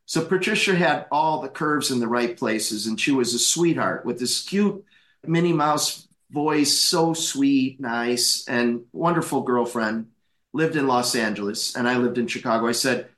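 A man in his fifties, a guest chiropractor, telling animated anecdotes, laughing often and acting out the voices in his stories. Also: mid-range voice, unhurried, echoey room. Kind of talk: anecdotal storytelling.

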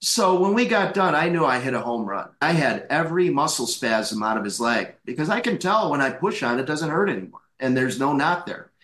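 A man in his fifties, a guest chiropractor, telling animated anecdotes, laughing often and acting out the voices in his stories. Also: on the high side, a little fast, few pauses, reverberant. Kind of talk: anecdotal storytelling.

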